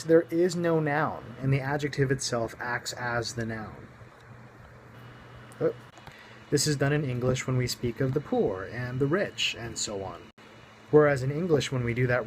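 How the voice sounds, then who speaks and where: A man's voice: mid-range voice, a little hiss or hum, low-quality recording. A man teaching Greek grammar in a recorded lesson, explaining each point step by step and muttering small self-corrections.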